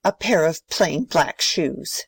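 A woman's voice: low voice, expressive, slow, husky, dry recording, full character voice. A woman playing a strict, proper old grandmother who scolds sternly. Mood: prim. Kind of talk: amateur play reading.

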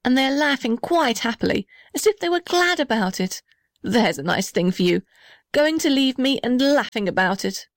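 A forlorn little house from a children's storybook, as a woman reader puts him on, sighing and sorry for himself. His voice rises high and wavering above the reader's own, and it stays close and dry. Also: lively intonation, normal speed, no room sound. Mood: plaintive. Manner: plaintive, self-pitying. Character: small sad lonely male house.

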